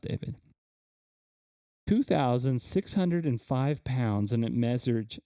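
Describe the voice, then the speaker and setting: In a relaxed podcast conversation, a Kansas-born co-host eagerly shares fun facts, occasionally tripping over his words. He has a mellow, mid-range voice, and the recording is dry and studio quality.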